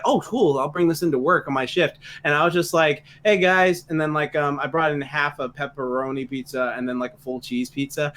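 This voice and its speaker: A young man chatting on a casual podcast, his voice a little on the high side. He tells stories in a loose, profane, ranting way. A faint background hiss sits under him. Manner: profane, animated ranting storyteller. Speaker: podcast co-host.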